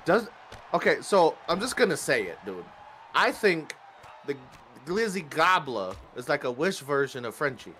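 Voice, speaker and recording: This is a man cracking jokes on a wrestling commentary team. His voice sits somewhat high. His intonation is animated and jumps around a lot. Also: normal speed, a little hiss or hum. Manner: jokey, loose banter.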